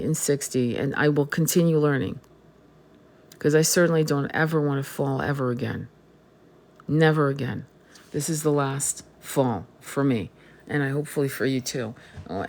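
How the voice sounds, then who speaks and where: A woman's voice: very deep voice, moderate pace, a little mellow. A woman tarot reader giving a blunt, emphatic spiritual vlog monologue and swearing freely.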